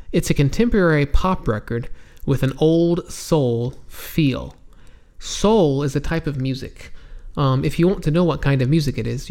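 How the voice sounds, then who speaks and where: Slow, gravelly-voiced male English teacher. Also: mid-range voice, darkish tone. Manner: patient, spells out words, frequent ums and restarts. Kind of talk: slow explanatory vocabulary lesson.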